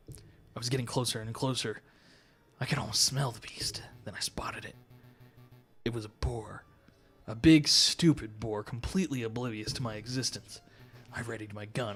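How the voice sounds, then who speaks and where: A man voicing a gruff male hunter in a game, telling his tale in a low, hushed storytelling voice. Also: normal speed, soft background music. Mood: hushed suspense.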